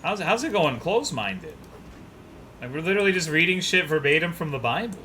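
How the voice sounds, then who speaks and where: A young man streams a game and chats casually, swearing freely and rambling as he answers his chat. His voice is bright and forward, with a faint hum of room noise behind it. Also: fairly high pitch, very animated, a little fast. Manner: loose, profane, rambling, reads chat aloud.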